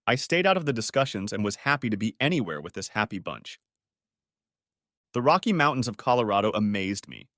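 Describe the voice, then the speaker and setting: A man reading a first-person story audiobook as narrator, with steady storytelling. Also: fairly low pitch, dry recording, clean studio sound.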